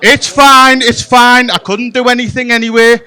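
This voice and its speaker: A man doing a bawdy stand-up comedy set in a club, with playful deadpan asides to the crowd. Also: extremely high pitch, normal speed, clear, resonant tone.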